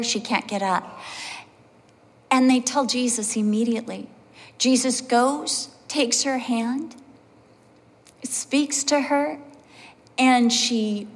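A woman pastor preaching a sermon, telling animated personal stories and acting out the voices of the people in them. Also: fairly high pitch. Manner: animated storyteller, acts out voices, laughs along. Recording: long hall reverb.

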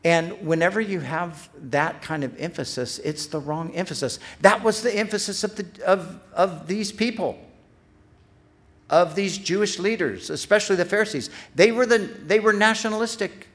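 A man's voice: high-pitched, moderate pace, a bit bright. A middle-aged man preaching a sermon as pastor. He speaks earnestly, building emphasis on repeated phrases, and restarts his sentences when he speaks off the cuff.

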